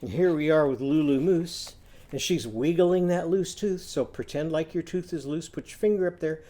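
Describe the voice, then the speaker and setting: A teacher leading a phonics lesson for young children, chanting in a sing-song call-and-response with drawn-out vowels. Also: medium pitch, warm tone.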